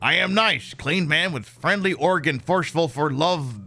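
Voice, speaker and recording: A man's voice: on the high side, normal speed, creaky, pushed and bright, soft background music, voice pushed up, heavily acted. A man voicing a creepy, overeager young man writing to women, leering and proud of himself.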